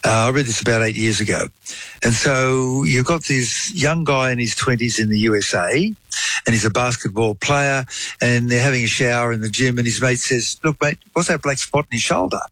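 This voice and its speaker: A man's voice: medium pitch, normal speed, a bit bright, dry recording, poor audio. A man explaining a medical topic in conversation, telling a case story with frequent "you know" asides. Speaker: guest explaining science.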